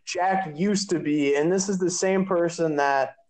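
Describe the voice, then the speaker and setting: A man's voice: on the high side, unhurried, a little mellow. A young man co-hosting a casual chat with friends, explaining context and steering the topic. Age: young adult. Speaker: podcast co-host.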